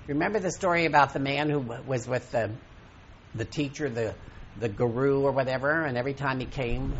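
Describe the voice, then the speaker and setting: A man giving an inspirational talk to an audience, emphatic and preacherly, swinging between loud and soft. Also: mid-range voice, lo-fi sound, slight background noise. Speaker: spiritual teacher.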